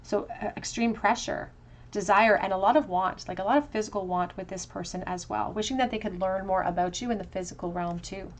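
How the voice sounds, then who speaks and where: A woman's voice: mid-range voice, fairly even intonation, brisk, slight background noise. Woman musing through a tarot reading. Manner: musing, talks through card meanings with soft fillers. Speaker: tarot reader. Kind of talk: tarot pick-a-card reading.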